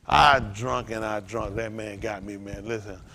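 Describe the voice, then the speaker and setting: A man's voice: fairly low pitch, measured pace, a little hiss or hum. A male pastor preaching a sermon, telling personal stories in loose, everyday talk. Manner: animated preaching with loose vernacular storytelling.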